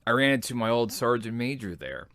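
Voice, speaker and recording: A man in his thirties, an army veteran, telling his own story as a podcast host in a relaxed, self-deprecating way. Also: mid-range voice, fairly quick, no room sound. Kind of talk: personal memoir storytelling.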